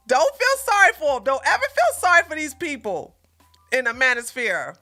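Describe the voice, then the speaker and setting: A woman with a high, sharp, bright voice rants at her chat in blunt, cursing commentary. She mocks and repeats her points with a forceful edge, and faint music plays behind her. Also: huge pitch swings, normal speed. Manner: blunt, cursing, mocking, laughs loudly. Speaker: livestream host reacting to a clip. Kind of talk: heated profane commentary.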